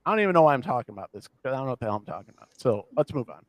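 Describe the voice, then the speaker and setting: A man from the American Midwest co-hosting a casual podcast chat, talking in animated, ranting bursts with a self-deprecating streak. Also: medium pitch, rapid-fire, dry recording. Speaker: podcast co-host.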